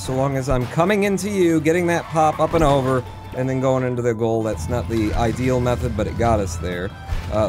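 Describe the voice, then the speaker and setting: Male streamer, middle pitch, excitable live gameplay commentary, faint game music underneath. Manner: excitable, talks fast with sudden jumps in pitch. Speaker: speedrunner streamer.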